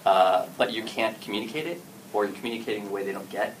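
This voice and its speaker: A man's voice: fairly low pitch, expressive, fast. A man giving a casual talk to an audience at an event about story games, speaking animatedly and acting out what players and game masters say. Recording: distant mic with clear background noise.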